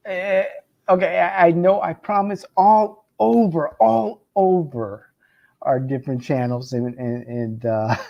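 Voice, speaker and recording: A man talks politics in an unhurried, mocking way, repeating words as he restarts his sentences and chuckling between them. His pace is slow and deliberate. The audio sounds dull and lo-fi. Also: medium pitch. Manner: sarcastic, stammering restarts, laughs mid-sentence. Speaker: political commentator. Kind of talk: casual political commentary.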